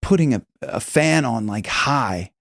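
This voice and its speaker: A man's voice: medium pitch, lively intonation, measured pace, creaky, fairly bright tone, dry recording, clean studio sound. A man teaching singing in a casual, rambling way, with many restarts and demonstrations. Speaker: vocal coach.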